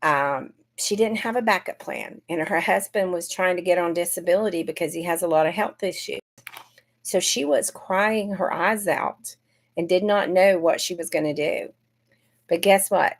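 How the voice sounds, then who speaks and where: Brief: middle-aged woman, lowish voice, chatty livestream host who talks straight to her viewers. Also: normal speed. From Georgia, US. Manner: chatty, greets viewers by name. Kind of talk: casual livestream chat.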